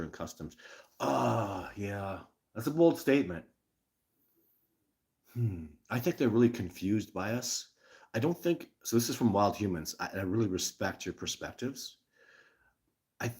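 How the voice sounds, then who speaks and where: A man with a low voice hosts a casual live stream and answers viewer questions one after another. He tells his stories earnestly and plays out both sides of each conversation himself.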